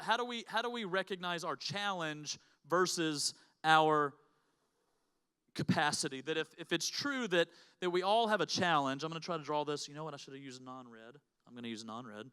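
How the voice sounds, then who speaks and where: A middle-aged male pastor preaching, telling a personal story with lively acted quotes and sound effects in a church auditorium. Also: fairly high pitch, clean tone.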